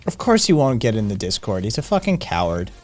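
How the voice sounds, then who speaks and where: A man's voice: lowish voice, big pitch swings, brisk, faint music behind. A man hosting a live stream in casual chat, loose and profane, often laughing. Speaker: streamer host.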